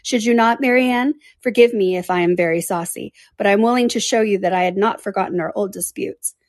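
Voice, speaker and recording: A woman reading aloud, voicing a reserved, melancholy young man in a quiet, lowered voice. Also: brisk, dry recording, close to an everyday voice. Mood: playful.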